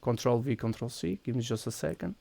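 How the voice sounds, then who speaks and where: A man's voice: mid-range voice, fairly quick, gravelly, mellow, dry recording. A man with a Portuguese accent streaming a game, walking viewers through each step while he clicks and thinks aloud. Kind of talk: casual live-stream chat.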